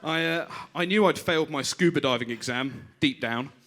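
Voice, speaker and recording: A man's voice: fairly high pitch, moderate pace, a bit bright. A man doing stand-up made of short pun one-liners, with small stumbles as he starts them. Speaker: stand-up comedian.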